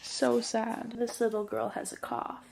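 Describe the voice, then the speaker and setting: A woman vlogging casually about a book she is reading, reacting in a hushed, chatty way. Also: on the high side, fairly even intonation, normal speed, heavy background noise. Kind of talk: casual reading vlog chat.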